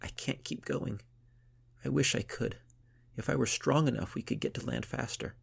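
A man's voice: medium pitch, moderate pace, creaky, slightly rough, voice pushed up. A man voicing a frightened young girl in a storybook, pleading with a catch in her voice. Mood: despairing.

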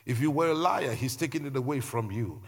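A man's voice: medium pitch, expressive, fairly quick, gravelly. A male pastor preaching a sermon. He repeats phrases and builds emphasis as he preaches. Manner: preaching with repetition and rising emphasis.

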